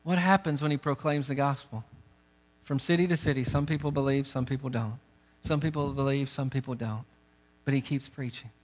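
A man's voice: mid-range voice, fairly even intonation, brisk. A male pastor giving a sermon, earnest and urgent, pressing direct questions on his congregation. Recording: long reverb of a big hall.

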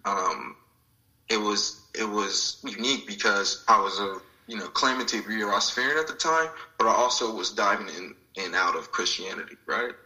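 Bright-voiced man telling a personal story. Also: on the low side, animated, normal speed, rough recording. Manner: reflective, acts out quoted voices. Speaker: guest.

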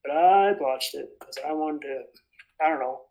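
Passionate rambling man with a gravelly high voice. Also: normal speed, a little mellow, low-quality recording. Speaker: bible study participant. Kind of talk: casual religious discussion.

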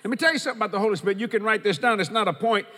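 A man's voice: high-pitched, rapid-fire, bright, forceful tone, long reverb tail. A man preaching a sermon as pastor, quoting scripture and repeating key lines for emphasis.

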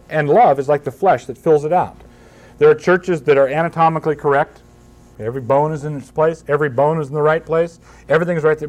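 A man's voice: fairly high pitch, darkish tone. Man, pastor, conference talk, emphatic, wry, conversational.

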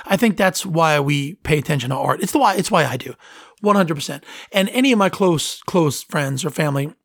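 A man's voice: a little high, animated, fairly quick, gravelly, no room sound, studio quality. Earnest rambling man podcasting solo. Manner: rambling, earnest and sentimental, self-interrupting. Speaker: podcast host. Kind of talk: casual solo podcast talk.

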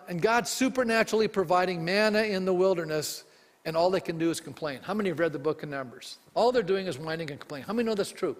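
A pastor preaching a sermon with emphasis and frequent questions put to the congregation. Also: male voice, sits high, long reverb tail.

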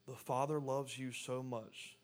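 A man's voice: mid-range voice, level tone, unhurried. A man preaching a sermon, reading scripture aloud and then pressing his point with rising intensity. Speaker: pastor.

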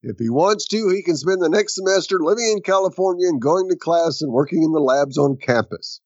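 Male podcast co-host, higher voice, casual, dry dull recording. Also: expressive, a little fast, darkish tone, dry recording. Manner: short agreeing replies, earnest. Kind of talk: casual recap chat.

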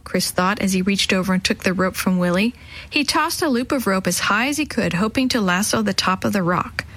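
A woman storyteller warmly reading a children's chapter book aloud, acting out the voices. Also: mid-range voice, normal speed, faint music behind, rough recording. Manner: warm, expressive reading, acts out voices.

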